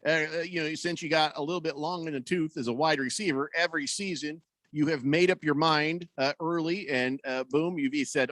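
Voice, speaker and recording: A man's voice: fairly high pitch, fairly quick, hardly any pauses, fairly bright tone, dry recording. A man hosting sports talk radio, ranting and sarcastic as he riffs on team news and reads listener comments.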